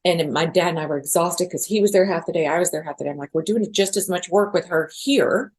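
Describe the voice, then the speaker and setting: A woman's voice: fairly low pitch, fast, darkish tone, husky. A middle-aged woman guest on a podcast interview, speaking earnestly and emotionally. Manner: emotional, earnest, tearful at times. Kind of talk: interview conversation.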